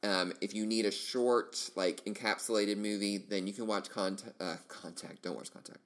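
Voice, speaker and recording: A man's voice: fairly low pitch, fairly even intonation, normal speed, a bit bright. A middle-aged man hosting a solo podcast, chatting casually and enthusiastically, rambling with lots of fillers and restarts. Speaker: podcast host.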